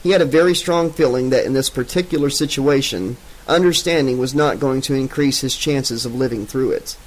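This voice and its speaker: A man narrating a novel in a steady, even way. His voice sits at a middling pitch and keeps the story moving. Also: fairly quick, low-quality recording. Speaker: audiobook narrator. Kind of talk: audiobook narration.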